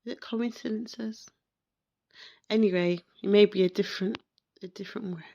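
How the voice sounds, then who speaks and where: Woman podcaster, emotional and reflective, unhurried, raspy fry in her voice. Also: medium pitch, fairly even intonation, darkish tone, lo-fi sound. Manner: slow, reflective, repeats herself. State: emotional, close to tears. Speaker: podcast host. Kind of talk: emotional personal monologue.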